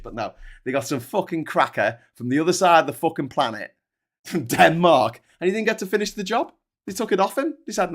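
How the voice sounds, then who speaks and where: A man with a fairly high voice, ranting in a rambling, profane way on a casual stream. He stumbles over his words and restarts often, then bursts out in loud shouting. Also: animated, fairly quick. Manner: profane, rambling rant with many restarts, rising to shouting outbursts. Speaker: host.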